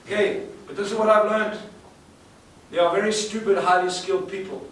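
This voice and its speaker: A man's voice: high voice, steady tone, normal speed, fairly bright tone. Emphatic man in an echoey hall. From South Africa. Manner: emphatic, asks the audience rhetorical questions, repeats words. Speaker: sales trainer. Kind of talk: live seminar talk. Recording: echoey room, far from the mic, faint hiss.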